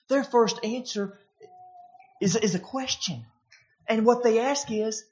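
A preacher giving a sermon in a conversational, animated manner, often restarting phrases and jumping up in pitch to act out the voices in the passage. The voice sits in a middle register. The recording is dull and lo-fi. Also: unhurried. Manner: animated, acts out the quoted voices in a higher pitch.

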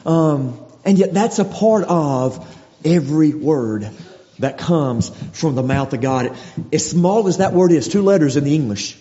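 A man's voice: on the high side, lively intonation, unhurried, dark tone. A man preaching a sermon in a conversational way, often restarting his phrases. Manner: conversational, with frequent restarts and acted quotes. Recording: dull sound with long hall reverb.

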